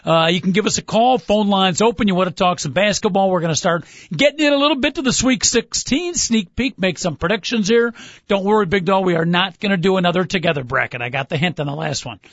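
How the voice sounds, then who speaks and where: A man's voice: high voice, fast talker, no echo. A man hosting a casual sports radio show, wry and teasing, often chuckling. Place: radio studio. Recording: muffled lo-fi radio broadcast.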